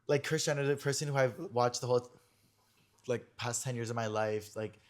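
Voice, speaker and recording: Young male podcast host, chatty gossip tone, mid-pitched voice, casual storytelling. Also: fairly quick. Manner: gossipy, animated storytelling with many "like" fillers. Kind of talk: casual chat.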